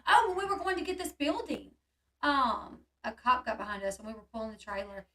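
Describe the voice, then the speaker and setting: The channel host, a woman whose voice is high and bright, recounts a story fairly quickly in a laid-back hangout chat. Animated throughout, she imitates the people she quotes, and she comes across as a little distant from the microphone.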